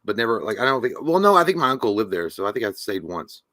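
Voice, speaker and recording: A man's voice: on the low side, big pitch swings, fast talker, sharp tone, no echo, clean studio sound. A young adult man co-hosting a live show, joking crudely with lots of hesitation and fillers. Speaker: podcast co-host. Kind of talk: casual live-show chat.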